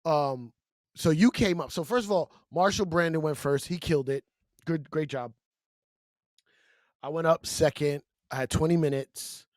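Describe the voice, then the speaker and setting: Animated man telling a story, slightly high. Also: normal speed, no echo, studio quality. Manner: animated storyteller, slangy with "bro", acts out exchanges. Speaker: podcast co-host and comedian. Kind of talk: casual storytelling chat. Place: podcast studio. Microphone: studio mic.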